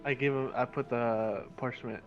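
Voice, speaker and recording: A man's voice: mid-range voice, steady tone, normal speed. Hesitant male player, dull lo-fi line, faint music behind. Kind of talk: tabletop game chat.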